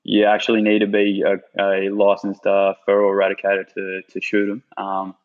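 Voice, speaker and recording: A man's voice: fairly low pitch, moderate pace, narrow, tinny audio. A man with an Australian accent, a podcast guest telling stories casually, swearing freely. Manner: swears freely, animated retelling. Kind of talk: casual storytelling.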